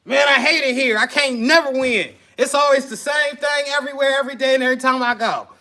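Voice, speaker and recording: Man doing a whiny, high-pitched complainer on an off day. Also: quick pace, pushed and bright, exaggerated voice. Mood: griping. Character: grumpy frustrated man on an off day.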